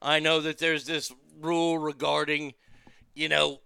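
A man's voice: fairly high pitch, little pitch movement, measured pace, vocal fry, pushed and bright, clear, resonant tone, no room sound, clean studio sound. A man telling a story as a profane rant, stammering and repeating his words as he swears.

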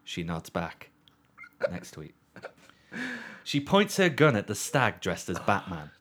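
A man in a casual podcast chat, telling a long story with swearing and deadpan readings. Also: low voice, slow pace.

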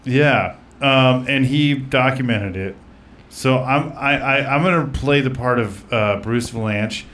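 A man's voice: mid-range voice, a little slow, fairly bright tone. A man hosting a comedy podcast in casual chat, rambling with lots of fillers and narrating an absurd roast story. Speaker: podcast host.

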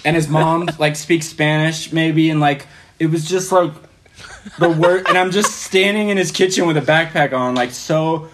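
A man's voice: fairly high pitch, moderate pace, noisy background. A man telling a story as a podcast guest in casual, rambling speech full of fillers, often laughing.

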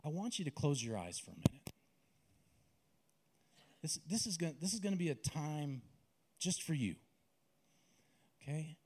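A man preaching a sermon and guiding listeners through a visualization, with a slow, intimate, dramatic delivery. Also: on the high side, sing-song, very noisy.

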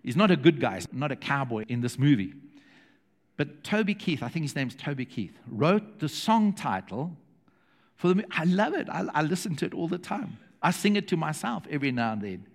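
Male preacher, animated sermon delivery with acted quotes, church hall with long reverb. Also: on the high side, normal speed. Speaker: pastor.

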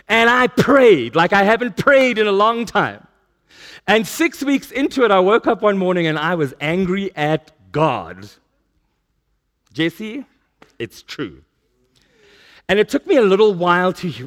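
A man's voice: sits high, a bit bright. A male preacher giving a sermon at a church service, telling stories with self-mocking humor.

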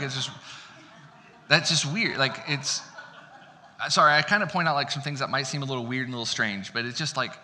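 Male pastor, informal preaching, chatty and self-deprecating, bright tone, long hall reverb. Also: medium pitch. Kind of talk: casual conversational sermon. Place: church sanctuary.

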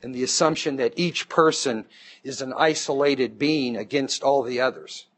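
A man's voice: mid-range voice, normal speed, a bit bright. Man teaching a Bible class. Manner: explanatory, checks in with "okay?". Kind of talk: classroom lecture.

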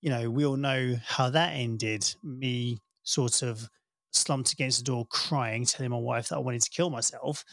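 A man's voice: medium pitch, measured pace, vocal fry, no echo. A middle-aged man, a podcast host telling candid stories in casual chat. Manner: candid, animated storyteller.

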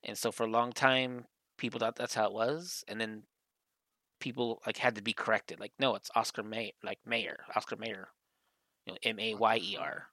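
A man's voice: fairly low pitch, fairly even intonation, normal speed, bright, forceful tone, dry recording. Rambling man telling a story, dry sound. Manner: rambling storyteller, heavy use of "like". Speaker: podcast co-host. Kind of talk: casual chat.

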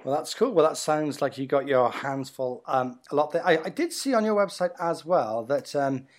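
A man's voice: a little high, animated, normal speed. A man with an Australian accent hosting a podcast interview in casual chat, talking easily with plenty of fillers and restarts. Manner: chatty and easygoing, with frequent fillers and restarts. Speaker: podcast host.

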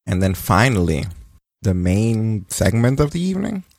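A podcast co-host with a fairly low, creaky voice runs through last night's wrestling in casual chat, loose and joking and swearing freely. His pitch swings widely at a normal speed, and the recording is dry and close with no room around it.

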